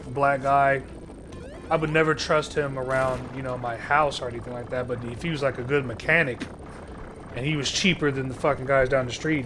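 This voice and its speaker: A man's voice: medium pitch, noisy background. A man streaming live, ranting to his chat in a rambling, sardonic way, swearing constantly and restarting his sentences. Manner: rambling, heavy cursing, sardonic.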